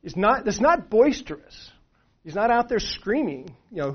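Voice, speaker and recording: A middle-aged man preaching a sermon, talking it through casually with restarts and "right?" questions to the room. His voice sits a little high for a man. The recording is muffled and lo-fi. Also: sing-song, moderate pace, husky. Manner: conversational, with restarts and rhetorical questions. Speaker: pastor. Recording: dull lo-fi sound.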